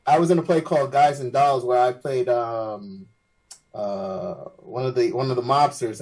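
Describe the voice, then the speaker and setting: Husky man telling animated stories. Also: medium pitch, moderate pace. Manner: animated storyteller with frequent "you know" and restarts. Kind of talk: casual podcast chat, storytelling.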